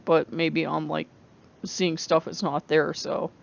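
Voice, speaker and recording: A person talks candidly to camera, rambling and often breaking off mid-thought with a laugh. The voice is gravelly and sits mid-range. The recording is dull and lo-fi. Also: mid-range voice, little pitch movement, slow pace. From United States. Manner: candid and emotional. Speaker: book vlogger. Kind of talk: casual talk to camera.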